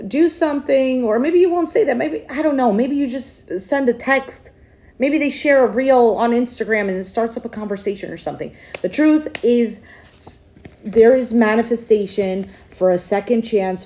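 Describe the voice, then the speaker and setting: A woman doing a casual tarot reading to camera. She is emotional and thinks out loud, with frequent hesitations. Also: mid-range voice, dull audio. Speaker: tarot reader.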